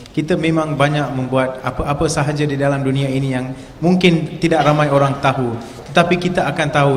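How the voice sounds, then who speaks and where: A man interpreting a lecture live, fluent with small restarts. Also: medium pitch. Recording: echoey hall with faint noise.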